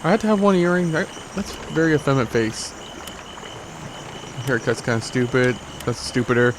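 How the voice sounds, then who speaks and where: A man's voice: medium pitch, lively intonation, fairly quick, noisy background. A man giving rambling, joking, self-mocking commentary while he plays a game. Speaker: let's play host. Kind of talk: gameplay commentary.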